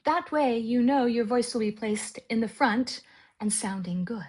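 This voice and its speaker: Breathy woman teaching voice technique. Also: a little high, a little slow. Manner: calm instructive, demonstrates exercises aloud. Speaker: author teaching audiobook narration. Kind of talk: spoken voice lesson with demonstrations.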